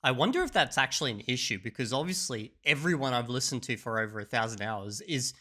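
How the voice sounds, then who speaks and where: Bright-voiced man thinking aloud. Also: mid-range voice, animated, quick pace. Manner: thinks aloud, tries sounds himself. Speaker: host reacting to a video. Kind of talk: casual reaction commentary.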